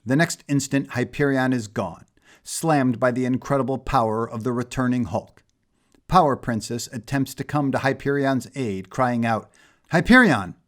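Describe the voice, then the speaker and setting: A man narrating a superhero fan story in an even, storybook manner. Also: mid-range voice, moderate pace.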